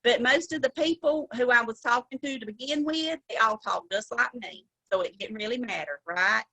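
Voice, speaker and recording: A woman's voice: fairly high pitch, normal speed, creaky, sharp tone, poor audio. A middle-aged woman with a Southern drawl, giving a chatty, folksy sales training talk on a video call. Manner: chatty, folksy, laughs often. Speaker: sales director.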